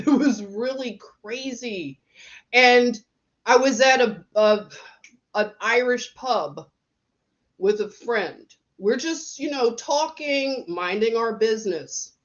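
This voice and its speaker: Woman, middle-aged, livestream host, casual chat, laughs a lot, unhurried, muffled lo-fi audio. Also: a little high. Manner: chatty, laughs often, storytelling. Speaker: livestream host reading viewer comments.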